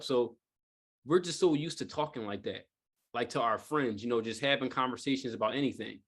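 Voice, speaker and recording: In a training room before a live audience, a man with a mid-range voice gives a sales training talk a little fast. He rambles casually, filling his speech with fillers and rhetorical "right?" checks.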